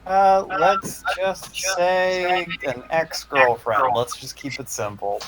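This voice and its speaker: A man's voice: a little high, animated, slow, fairly bright tone. A man playing a tabletop game, giving brief, laid-back answers. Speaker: player. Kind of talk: casual tabletop play. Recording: far from the mic with faint music.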